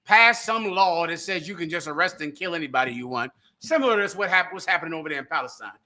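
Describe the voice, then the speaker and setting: A man's voice: fairly high pitch, animated, quick pace, sharp tone. A man co-hosting an online show, giving heated, emphatic political commentary over a remote call. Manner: emphatic, indignant, rhetorical. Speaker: show co-host.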